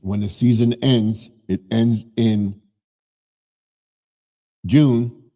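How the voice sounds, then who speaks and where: A man's voice: fairly low pitch, a little slow, dark tone. A man in his seventies hosting a live stream, chatting casually in a rambling way and often correcting himself.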